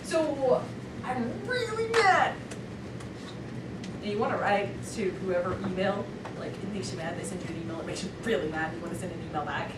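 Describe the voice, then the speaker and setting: A woman's voice: medium pitch, animated, normal speed, very noisy. A woman teacher giving a chatty, playful lecture to her class, recorded from far off in an echoey classroom.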